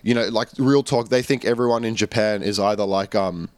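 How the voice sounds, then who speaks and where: A man's voice: on the low side, a little fast, smooth, no room sound. A young man, telling stories as a podcast guest in a rambling, casual way full of fillers. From Australia. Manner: rambling storyteller, many fillers and restarts. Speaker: guest musician.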